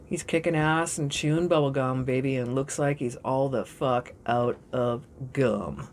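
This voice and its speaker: A woman giving a storytelling tarot reading in an excitable, dramatic and profane way. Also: extremely low pitch, measured pace, a little hiss or hum. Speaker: tarot reader.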